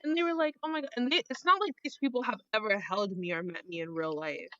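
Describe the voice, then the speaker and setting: A young woman telling a personal story in casual chat, animated and swearing, acting out the voices of the people she quotes. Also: medium pitch, fast talker, smooth, dry recording, lo-fi sound.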